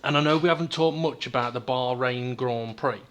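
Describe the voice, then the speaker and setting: A British man hosting a relaxed podcast over a remote call, thinking aloud with plenty of ums and easy laughter. His voice sits at a middle pitch, with a faint hiss behind it. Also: brisk. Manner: chatty, hesitant with many ums, laughs often. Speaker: podcast host. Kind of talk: casual podcast chat.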